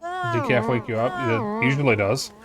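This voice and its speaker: A man's voice: medium pitch, wildly swooping pitch, moderate pace. A sleepy man chatting casually and swearing offhandedly as he streams a video game. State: drowsy, yawning. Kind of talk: casual gameplay commentary. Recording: voice over faint game music.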